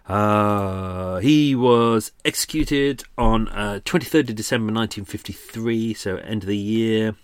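Low-voiced chatty man, dry mic. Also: measured pace, few pauses, clear, resonant tone, no room sound. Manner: rambling, chatty, many fillers and restarts. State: slightly out of breath. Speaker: true crime podcast host. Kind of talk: casual unscripted narration.

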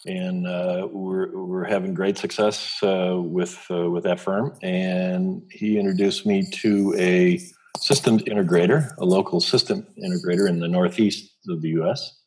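Man, interview guest, very low voice, husky, hesitant, lots of fillers. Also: steady tone, unhurried, a little mellow. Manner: hesitant, many fillers and restarts. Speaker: guest, executive coach. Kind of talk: conversational interview.

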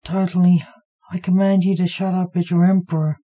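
An exasperated male defence lawyer loses patience with his client in an audio story, as a woman narrator puts him on. His voice is mellow and low. He sounds pleading and worn out. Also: flat delivery, a little fast, natural voice. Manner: frustrated, pleading.

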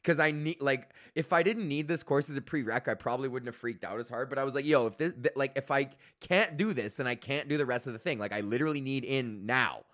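A man's voice: mid-range voice, quick pace, hardly any pauses. Ranting young man. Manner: animated, swearing, mocking quoted people. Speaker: podcast host. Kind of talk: casual profane rant.

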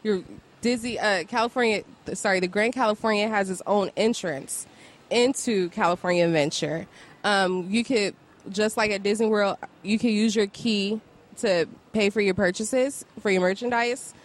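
A woman's voice: medium pitch, moderate pace. A woman in her thirties or forties, a podcast guest, talking enthusiastically and laughing often in casual chat.

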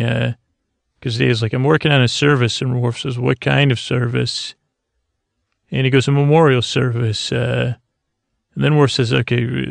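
A man's voice: medium pitch, creaky, dry recording. A man hosting a podcast, giving a meandering recap of a TV episode to help listeners fall asleep, full of fillers and restarts. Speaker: podcast host. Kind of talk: rambling TV episode recap for sleep.

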